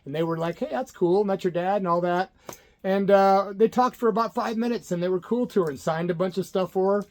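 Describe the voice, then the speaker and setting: A man's voice: high-pitched, steady tone, a little fast. Laid-back middle-aged man telling a story. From Illinois. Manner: laid-back, jokey, says "man" a lot. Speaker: channel host. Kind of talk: casual storytelling to camera.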